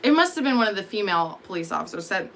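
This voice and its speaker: A woman's voice: medium pitch, very animated, very fast, a bit bright. A woman telling a long personal story in a candid, rambling, profane way, full of fillers. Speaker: vlogger. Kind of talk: casual storytelling monologue.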